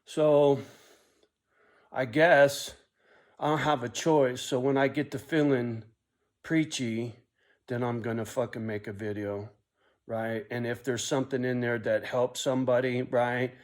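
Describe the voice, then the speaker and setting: A man's voice: medium pitch, flat delivery, a little slow. Profane middle-aged man vlogging. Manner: profane, rambling, self-reflective, often ending lines with a muttered "right?". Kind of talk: casual monologue vlog.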